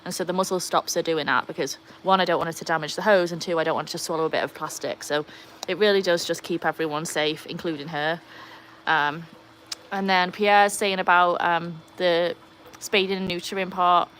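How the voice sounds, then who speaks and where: A woman's voice: lowish voice, steady tone, fairly quick, a bit bright, slight background noise. A Welsh woman hosting a casual live stream from beside a backyard pool, reading out viewer comments and talking to her dogs. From Wales. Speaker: livestream host.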